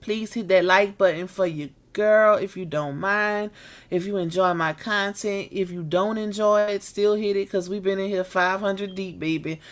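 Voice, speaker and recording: A woman's voice: mid-range voice, steady tone. A woman hosting a live stream, chatting casually with her viewers and saying she is tired and needs a nap. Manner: chatty, drawn-out Southern-style slang with y'all and baby. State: tired and yawning.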